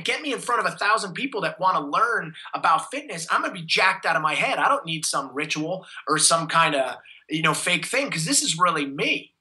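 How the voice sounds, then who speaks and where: A man's voice: high-pitched, pushed and bright, rough recording. A man, giving an enthusiastic, motivational interview as a fitness coach. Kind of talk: energetic interview talk.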